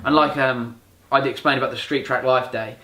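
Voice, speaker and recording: A man's voice: mid-range voice, brisk. A man chatting as a podcast guest, telling stories animatedly and acting out the quoted dialogue. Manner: animated storyteller who acts out quoted dialogue. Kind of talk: casual podcast chat. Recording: roomy echoey recording.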